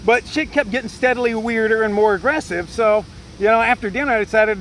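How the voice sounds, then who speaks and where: A man's voice: high voice, fairly even intonation, fast talker, a bit bright, slight background noise, poor audio. A man, a solo hiker, telling a rambling story in a profane, agitated way, full of fillers. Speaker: solo trail hiker vlogger. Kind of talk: rambling casual rant.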